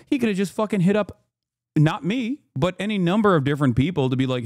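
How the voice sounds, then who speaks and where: A man's voice: sits high, lively intonation, fast, a little mellow, dry recording. Swearing, ranting male streamer, dry sound. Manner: profane, ranting. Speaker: livestreamer. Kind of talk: casual livestream commentary.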